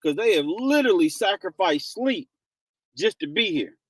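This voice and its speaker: A man's voice: high voice, lively intonation, moderate pace, dry recording. A man hosting a casual livestream, greeting viewers by name and laughing often. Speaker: livestream host.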